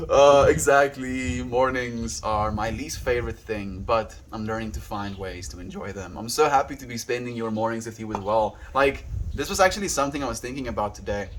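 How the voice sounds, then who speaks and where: A laid-back man talks to his livestream viewers in a loose, rambling way and thanks them one by one. His voice sits at a middle pitch. A faint hiss runs under the recording. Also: moderate pace, fairly bright tone. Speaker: daily livestreamer. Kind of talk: casual livestream chat with viewers.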